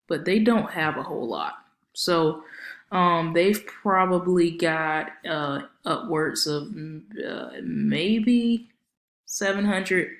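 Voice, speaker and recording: A woman's voice: lowish voice, vocal fry. Friendly woman walking thru a website, lots of ums, kinda echoey room. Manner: chatty, many filler ums, friendly advice. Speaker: marketing consultant. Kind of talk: screen-share website walkthrough.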